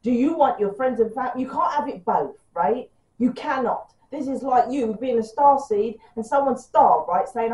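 Chatty British woman reading tarot: fast, blunt, a little hoarse from a sore throat, recorded in an echoey room at a distance. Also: a little high, dark tone. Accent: British English. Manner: fast, chatty, swears freely. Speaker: tarot reader.

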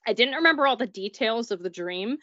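Brisk and sharp-toned, a woman's fairly high voice with lively intonation carries her casual account of paranormal experiences. She chats along, says "like" a lot, and performs the dialogue. The recording is dull and dry, without echo.

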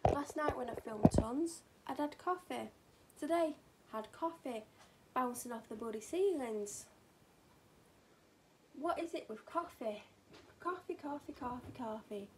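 A woman's voice: high-pitched, measured pace, pauses often, slight background noise. A woman with a British accent, chatting and rambling on in a hyper way in a home vlog from her kitchen. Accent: British English. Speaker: vlogger.

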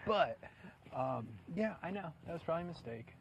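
A man's voice: on the high side, animated, fairly quick, gravelly, a little hiss or hum, poor audio. A young man in casual reality-show banter, laid-back and self-mocking, swearing a lot.

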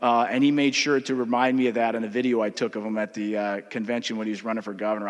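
A man from Minnesota with a Minnesotan accent, a state legislator telling a personal story in a memorial floor speech. His talk is conversational and halting, full of uh fillers. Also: fairly low pitch, level tone. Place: legislative chamber. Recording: long reverb of a large chamber.

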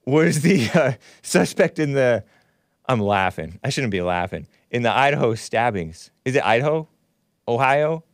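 Reading comments and fielding calls, this livestream host rambles, answers his chat directly and laughs a lot. The sound is studio quality without room sound, his voice medium in pitch.

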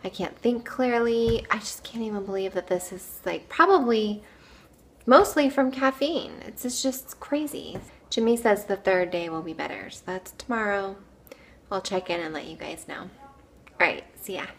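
A woman's voice: medium pitch, normal speed, a little hiss or hum. A young woman filming a family vlog, chatting casually and upbeat, with plenty of "like" and "um". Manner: chatty and upbeat, often saying "like" and "um". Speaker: family vlogger.

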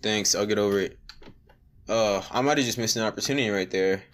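A man's voice: on the low side, fairly quick. A young man giving joking, slangy commentary while playing a text-message game, reading the messages aloud and breaking into mock singing. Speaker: gaming video creator. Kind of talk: casual gameplay commentary.

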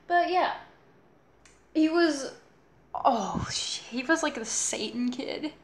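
A woman's voice: high voice, expressive, takes it slowly, slight background noise. A young woman reacting to a children's show, swearing and exasperated, with sarcastic commentary. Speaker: reaction video host.

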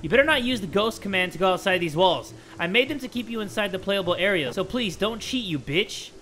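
A young man hosting video game commentary, excitable and joking, with loud outbursts. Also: high-pitched, fairly quick. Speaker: gaming channel host.

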